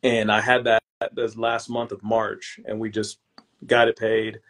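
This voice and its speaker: A young man who is a podcast guest and real estate investor, chatting casually and telling lively stories in relaxed, slangy speech. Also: lowish voice, unhurried. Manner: relaxed and slangy, calls the hosts "bro"; lively storyteller who acts out his own past lines. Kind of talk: casual interview chat.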